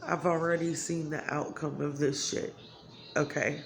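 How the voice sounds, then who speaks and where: A woman's voice: sits low, flat delivery, measured pace. A woman talking candidly to her viewers in a blunt, emotional way, swearing freely. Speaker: vlogger. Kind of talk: candid talk to camera.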